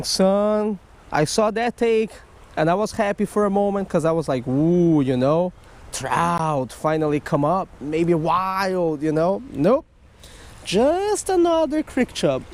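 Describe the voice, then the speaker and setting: A man vlogging outdoors while fishing a creek, chatting casually and getting excitable, swinging from hushed to yelling. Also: sits high.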